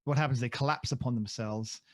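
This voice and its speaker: A man's voice: medium pitch, fairly quick, dry recording. Podcast co-host, male, loose and self-mocking, dry close mic. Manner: rambling, jokey, self-deprecating. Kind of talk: casual chat.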